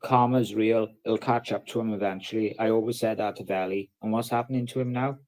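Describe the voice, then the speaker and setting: A man's voice: lowish voice, steady tone, fairly quick, darkish tone. A man hosting a casual livestream, ranting and swearing in between jokes. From Wales. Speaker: livestream host.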